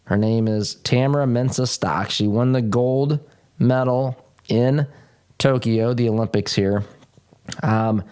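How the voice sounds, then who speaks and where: A man hosting a political talk show, speaking emphatically and often repeating phrases, with folksy asides to his listeners. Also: medium pitch. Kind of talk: political commentary monologue.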